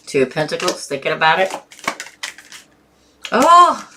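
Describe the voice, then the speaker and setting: A woman doing a live tarot reading, chatty and often breaking into laughter and excited bursts. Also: fairly low pitch, measured pace, noisy background. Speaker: tarot reader.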